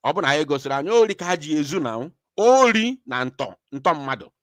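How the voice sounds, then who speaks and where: Fuming Nigerian man with lively pitch. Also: quick pace, no room sound, clean studio sound. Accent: Igbo-accented Nigerian English. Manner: angry, rhetorical, repeats phrases for emphasis. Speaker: online show host. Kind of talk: impassioned commentary.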